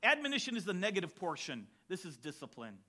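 A man preaching a sermon as a pastor, emphatic and building to shouts on key lines. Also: sits high, huge pitch swings, fast talker.

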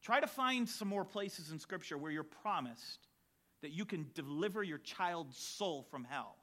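A pastor preaching with a fiery, emphatic delivery. His voice is high and sharply bright, swinging widely in pitch as he builds to shouts on key lines. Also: expressive, measured pace. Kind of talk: sermon.

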